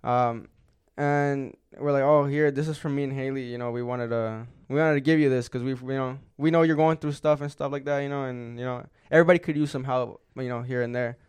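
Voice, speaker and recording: A man's voice: mid-range voice, fairly even intonation, a little fast, hardly any pauses, smooth. A young man co-hosting a podcast, telling a long story in casual chat, rambling and swearing with lots of filler words. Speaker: podcast co-host.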